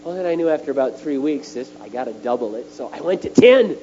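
Emphatic male preacher, lo-fi with hum. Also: fast talker. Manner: animated and emphatic, pitch jumping on key words. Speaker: speaker at a retreat. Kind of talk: sermon. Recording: dull lo-fi recording with faint mains hum.

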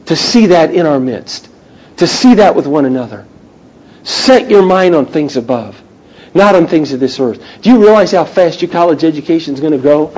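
A man in his thirties preaching an impassioned sermon to students, swinging between loud urgency and hushed intensity. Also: on the high side, expressive, moderate pace, husky, rough recording. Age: 30s.

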